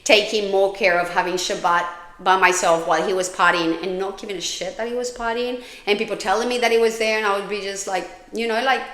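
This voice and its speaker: A woman's voice: mid-range voice, fairly bright tone, echoey room. A woman hosting a podcast, telling her own story in a frank, candid way, swearing freely and often restarting her sentences. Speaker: podcast host.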